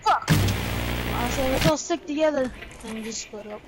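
A woman gamer chatting casually, excitable and shrieking with lots of swearing. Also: sits high, measured pace, loud music behind the voice. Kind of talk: casual chat while gaming.

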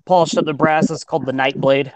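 A man's voice: a little high, fairly even intonation, a little fast, a little hiss or hum. A man showing off his crafts in a casual group video chat, rambling with restarts. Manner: rambling, restarts, laughs often.

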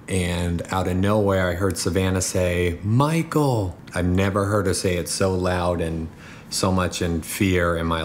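A father retells a frightening memory in a plain, steady way. His voice is very low. A faint hiss sits behind him. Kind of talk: personal account.

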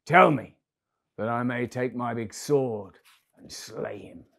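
A man voicing a huge, lonely, kind-hearted old male giant in a children's storybook reading, speaking in booming, old-fashioned tones. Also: normal speed, a bit bright, natural voice. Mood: wrathful.

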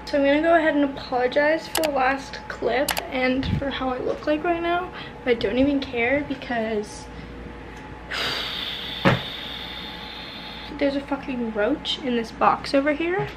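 A young woman with a high, bright-pitched voice talks into her phone in her bedroom. She sounds shaken and tearful, swearing freely and flipping between nervous laughs and near-sobs. There is a faint hiss behind her. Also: normal speed. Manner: panicked, swearing, half laughing half crying. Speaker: vlogger. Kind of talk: casual vlog monologue. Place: apartment bedroom.

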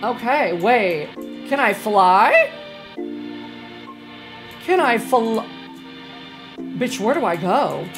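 A woman's voice: on the high side, very animated, drawn-out words, long pauses. A young woman live-streaming a game, chatting with her chat, a little tipsy, swearing and shrieking when startled. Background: game music.

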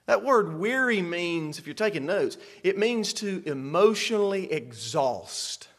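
A man preaching in a church with a notably high, bright and ringing voice. His pitch swings widely, dropping to soft asides and climbing to shouted rebukes. He speaks close to the microphone. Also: lively intonation, moderate pace, few pauses, husky. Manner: dramatic, shifts between soft asides and shouting. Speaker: pastor. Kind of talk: sermon. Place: church sanctuary.

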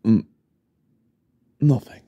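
A man's voice: extremely slow, warm tone, dry recording, lo-fi sound. A British man voicing an obsessive young goth stalker in a whispered role-play, creepy and falsely innocent. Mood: creepy calm. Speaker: ASMR role-play performer.

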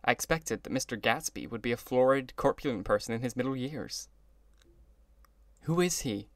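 A man narrating a classic novel as an audiobook in an even, measured reading. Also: medium pitch, no echo, clean studio sound.

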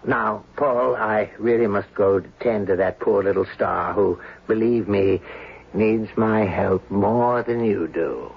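Weary angel, wry, husky, muffled old radio recording. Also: male voice, lowish voice, takes it slowly, full character voice. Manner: gently ironic, theatrical sighs. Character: kindly weary male angel, middle-aged. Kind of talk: 1970s radio drama acting.

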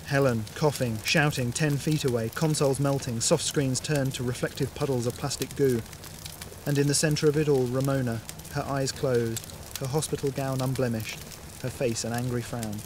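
A man reading a science fiction story aloud in a steady, even narration. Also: mid-range voice, normal speed, background noise.

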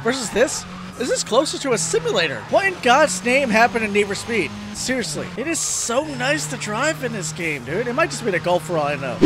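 A man hosting a let's play of a racing game, excitable, yelping and cursing at the game and joking about his own driving. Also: high voice. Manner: self-deprecating joking. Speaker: gaming video host. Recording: game music behind.

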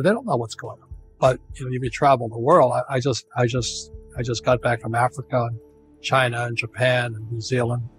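A man in his seventies with an American accent, giving an interview in an emphatic, repetitive ranting way with frequent restarts. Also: medium pitch. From United States. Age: 70s. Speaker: interview guest, author.

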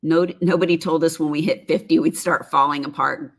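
A woman in her fifties, a former makeup artist, hosts a casual live stream, her low voice steady and brisk. She reads out viewer comments, laughs often and wanders into rambling asides.

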